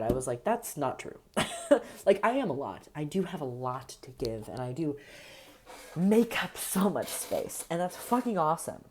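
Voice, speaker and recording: A young woman talking casually and earnestly to camera, meandering through thoughts with fillers and soft laughs, in an affirming, spiritual way. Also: extremely low pitch, a little hiss or hum. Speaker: vlogger. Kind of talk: casual reflective monologue.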